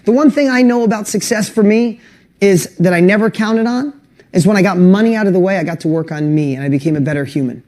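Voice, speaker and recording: Middle-aged guy, pretty high voice, motivational webinar host, gets emotional and fired up. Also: fast. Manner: emotional, earnest, pushes up loud on rallying lists. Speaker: online course host.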